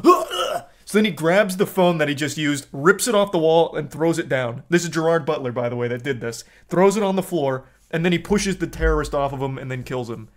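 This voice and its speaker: A man streaming live, bluntly and profanely ranting about a movie to his chat in casual talk. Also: fairly high pitch.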